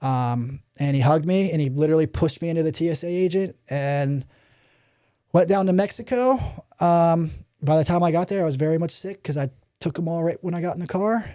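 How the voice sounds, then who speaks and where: A man's voice: on the high side, a little fast, mellow. A man in his thirties telling his story as a podcast guest, rambling with many fillers and swearing, acting out the people he quotes. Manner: rambling, many ums, profanity, acts out quoted voices. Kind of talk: candid storytelling interview.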